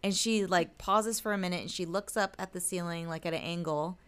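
A middle-aged woman co-hosting a spiritual podcast as a medium, telling a personal story in animated fashion and acting out the voices of the people in it. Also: lowish voice, fairly quick, smooth. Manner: animated storyteller, acts out quotes. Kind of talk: casual spiritual podcast chat.

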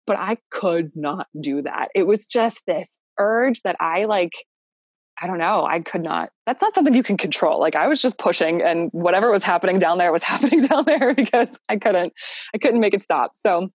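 A woman's voice: fairly low pitch, expressive, normal speed, husky, no room sound, studio quality. A young woman telling her own birth story in a casual, heartfelt way, laughing often and using lots of fillers.

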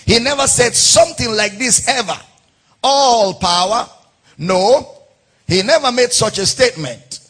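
A man's voice: very high voice, expressive, normal speed, a bit bright, breathy edge. A male pastor preaching a sermon in a church, emphatic, repeating key words in a sing-song cadence.

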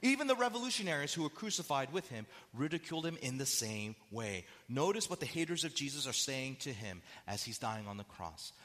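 Man preaching with lively questions. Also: mid-range voice, moderate pace, hardly any pauses, in a large hall. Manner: animated preaching with rhetorical questions and dramatic quotes. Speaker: pastor. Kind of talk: sermon.

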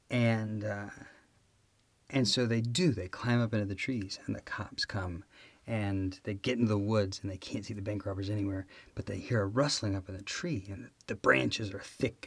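A man's voice: fairly low pitch, no echo. A man hosting a test prep podcast, telling a joke and giggling a lot. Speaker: podcast host. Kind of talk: casual chat and test prep.

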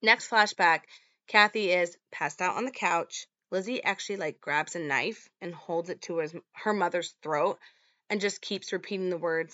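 A woman's voice: fairly low pitch, normal speed, sharp tone, no echo, dull audio. A woman hosting a podcast, recapping a horror film in a casual, chatty way full of "like" and "um". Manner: chatty, lots of "like" and "um". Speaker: podcast host.

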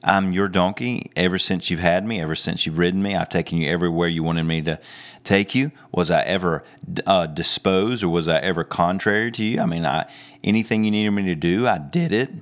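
A man's voice: sits low, fairly quick, lightly acted. Man putting on a wounded talking donkey. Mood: aggrieved. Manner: pleading, earnest.

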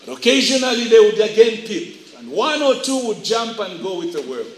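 High-voiced man preaching in an echoey hall. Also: sing-song, moderate pace. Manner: acts out voices in dramatic sermon stories. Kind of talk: sermon to young people. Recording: echoey room.

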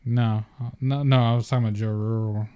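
A man's voice: on the low side, little pitch movement, fairly quick, warm tone, smooth. A young man co-hosting a podcast, chatting casually in a laid-back, joking way with a lot of swearing. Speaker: podcast co-host. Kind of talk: casual chat.

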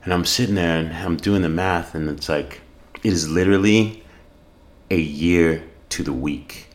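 A middle-aged man from South Africa with a very deep, low voice, speaking as a podcast guest. He tells a personal story earnestly and reflectively, stopping and restarting often. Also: measured pace. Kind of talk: storytelling in casual conversation.

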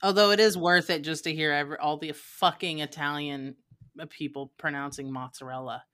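A woman's voice: sits low, fairly even intonation, a little fast, a bit bright. A woman chatting casually on a podcast, sarcastic, laughing often and swearing lightly. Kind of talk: casual chat.

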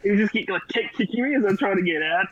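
A man's voice: high-pitched, expressive, fast, fairly bright tone. An Australian man co-hosting a podcast, telling army stories in casual chat, swearing and laughing as he goes. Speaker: podcast co-host, army veteran. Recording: dull lo-fi sound.

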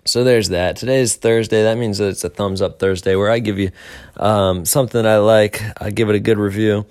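A man's voice: on the low side, fairly even intonation, a little fast, darkish tone, clean tone. A young man hosting a casual morning show, rambling upbeat with self-deprecating asides. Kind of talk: casual solo podcast talk.

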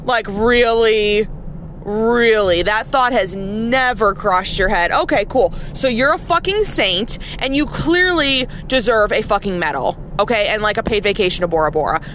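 A woman's voice: mid-range voice, animated, moderate pace, few pauses, a bit bright, a little hiss or hum. A woman who works as a nurse, ranting in a casual, blunt and profane way, with heavy sarcasm. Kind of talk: casual rant to camera.

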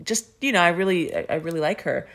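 Animated woman retelling a story, swearing casually. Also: on the low side, fast. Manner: animated, swears freely, acts out quoted characters. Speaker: podcast co-host.

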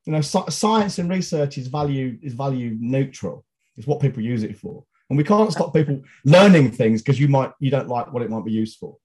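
A man's voice: medium pitch, lively intonation, brisk, warm tone. A middle-aged man, co-hosting a podcast in blunt, outspoken, sweary casual chat. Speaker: podcast co-host.

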